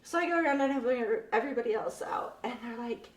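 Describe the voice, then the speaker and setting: A young woman who teaches math tells a lively classroom story in a casual interview, laughs often and acts out her students' voices. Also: on the high side, fast talker. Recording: echoey room, mic at a distance.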